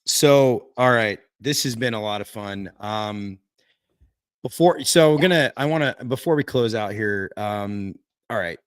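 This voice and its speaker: A man's voice: lowish voice, smooth, dry recording, studio quality. A man hosting a podcast interview in a friendly, casual way, often restarting and repeating his phrases. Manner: friendly, halting, repeats himself. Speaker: podcast host.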